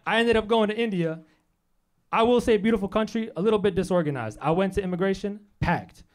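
A young man from New Hampshire doing a quick, deadpan stand-up set in a comedy club. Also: high voice. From Manchester, New Hampshire, US. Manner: quick deadpan punchlines, voices his family in quotes. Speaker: stand-up comic.

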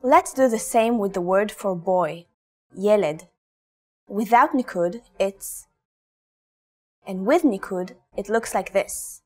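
A woman teaching in a scripted language lesson, pronouncing example sentences slowly and carefully. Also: medium pitch, expressive. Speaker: Hebrew teacher giving native examples.

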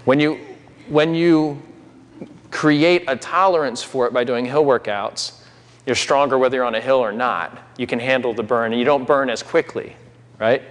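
A man's voice: mid-range voice, steady tone, normal speed. A man preaching a sermon in a conversational way, with asides to the congregation. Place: church sanctuary. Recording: long hall reverb.

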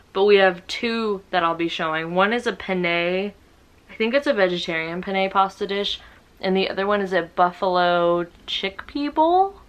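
A young woman from the United States chatting casually in a book vlog, excitable and self-mocking. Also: mid-range voice, clear, resonant tone. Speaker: book vlogger.

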